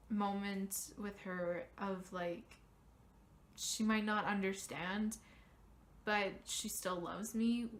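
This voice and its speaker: A young woman vlogger candidly telling a personal story, getting animated when she quotes others. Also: medium pitch. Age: young adult.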